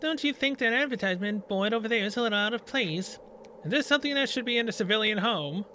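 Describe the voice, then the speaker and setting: A man's voice: sits high, expressive, fast, sharp tone, slight background noise. A man playing through a story game, reading its dialogue aloud and adding sarcastic asides. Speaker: gaming video creator.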